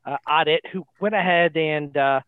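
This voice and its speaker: A man's voice: fairly high pitch, normal speed, smooth, no room sound. A man co-hosting a casual sports podcast, teasing the others with dry jokes. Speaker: podcast co-host. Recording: dry, tinny phone-like line.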